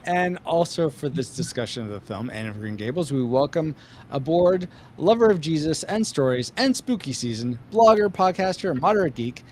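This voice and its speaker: A man's voice: fairly high pitch, lively intonation, normal speed, a little mellow, a little hiss or hum. A man hosting a live podcast, leading an upbeat, joking casual chat with his co-hosts. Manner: upbeat, joking, leads the talk. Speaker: podcast host.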